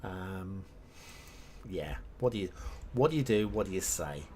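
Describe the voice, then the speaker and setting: A man's voice: low-pitched, lively intonation, a little slow, a little mellow, slight background noise. A man chatting casually on a live game stream, rambling between topics and humming to himself as he works. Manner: rambling, hums and mutters to himself while working. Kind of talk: casual live-stream chat while map making.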